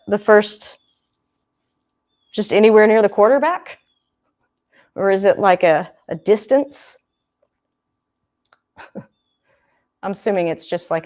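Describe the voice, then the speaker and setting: A woman's voice: mid-range voice, darkish tone. A young woman hosting a livestream, chatting casually and thinking aloud as she comments on a football game. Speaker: livestream host.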